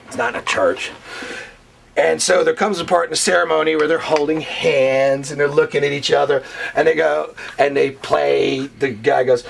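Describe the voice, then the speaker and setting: A man telling profane stories in a casual interview, animated and full of curses. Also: on the high side, normal speed, gravelly, slight background noise. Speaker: wrestling interview guest. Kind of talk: casual storytelling.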